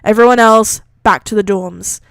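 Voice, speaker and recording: A woman voicing a weary male teacher in a flat, deadpan tone while reading a story aloud. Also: mid-range voice, moderate pace, gravelly, clean tone, no echo, clean studio sound, natural voice. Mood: curt.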